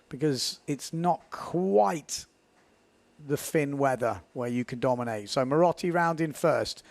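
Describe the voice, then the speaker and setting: A man giving live, chatty commentary on a windsurf race, building excitement at key moments. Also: a little high, gravelly, no room sound.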